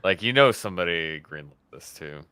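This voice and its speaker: Deep-voiced man with wry interjections. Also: animated, brisk, pushed and bright, clear, resonant tone, no room sound. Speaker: co-host. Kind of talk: casual podcast chat.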